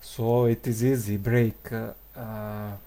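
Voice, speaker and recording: Man, game commentator, slow delivery, mellow tone, hesitant with fillers. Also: lowish voice, level tone. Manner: hesitant, frequent filler pauses.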